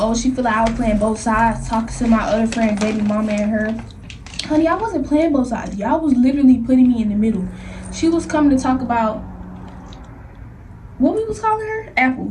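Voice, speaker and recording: A young woman vlogger telling a story in an animated, slangy way, laughing often. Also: on the high side. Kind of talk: storytime vlog. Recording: somewhat distant mic with faint noise.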